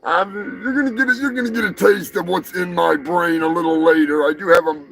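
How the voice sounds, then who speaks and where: A man hosting a live show, ranting crudely and swearing constantly, with bursts of shouting. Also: high voice, fairly even intonation, fairly quick, creaky. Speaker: show host. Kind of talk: profane live-stream rant.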